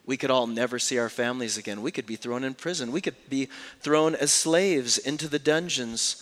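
A man preaching a sermon, telling stories in an expressive way that moves from hushed passages to animated ones. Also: medium pitch, long reverb tail. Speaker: pastor.

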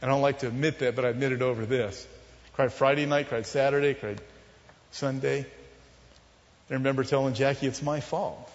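A man telling a personal testimony as a sermon, in an earnest, confessional storytelling manner that often drops soft and low. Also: fairly even intonation, fairly quick, pauses often. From Southern California. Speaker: preacher telling his testimony. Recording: muffled, with long hall reverb.

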